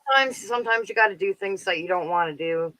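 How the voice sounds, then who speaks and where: A man's voice: sits high, fast talker, pushed and bright, no echo, rough recording. A Canadian man in his fifties chatting casually as a caller, rambling with plenty of filler words. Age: 50s. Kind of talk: casual chat.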